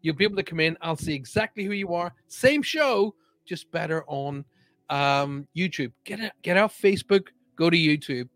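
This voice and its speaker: A man's voice: fairly high pitch, lively intonation, moderate pace, a bit bright, no room sound. A man hosting a live-streamed show, chatting casually and reading out viewer comments in an upbeat way.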